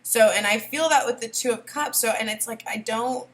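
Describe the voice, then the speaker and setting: A woman's voice: on the high side, normal speed. A young woman doing a casual tarot reading, rambling and giggly, often emotional. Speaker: tarot reader.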